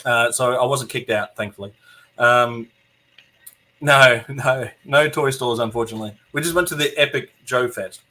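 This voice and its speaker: Man, podcast host, bright voice, animated storyteller, swears casually. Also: mid-range voice, normal speed. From New Zealand. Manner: animated anecdote teller, acts out quotes, swears freely.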